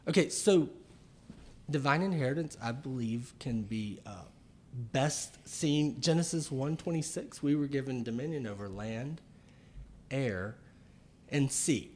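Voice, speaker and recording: Man explaining slowly, with pauses. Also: medium pitch, expressive, a little mellow. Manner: slow, deliberate explaining with pauses and fillers. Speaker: chiropractor and author. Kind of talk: casual podcast conversation.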